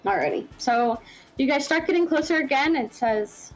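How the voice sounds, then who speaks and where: A woman's voice: sits high, moderate pace, soft background music, low-quality recording. A woman running a tabletop game as game master, narrating in a rambling way with many fillers.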